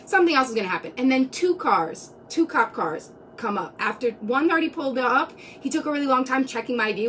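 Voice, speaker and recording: A woman's voice: fairly high pitch, fairly bright tone, distant mic, a little hiss or hum. A woman in her twenties telling a personal story casually on a live stream, rambling with many fillers. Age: 20s. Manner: rambling, many "like"s, laughs between lines. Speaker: vlogger.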